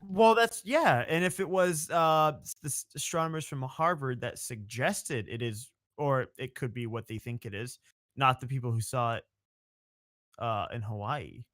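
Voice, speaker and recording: Casting: male podcast co-host, quizzing and quick, dry close sound. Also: mid-range voice, fairly bright tone, no room sound. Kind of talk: casual conspiracy chat.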